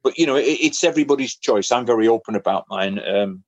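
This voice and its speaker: A man's voice: mid-range voice, animated, fast, no room sound. A man telling a personal story in a casual interview, acting out other people's lines in different voices. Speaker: interview guest.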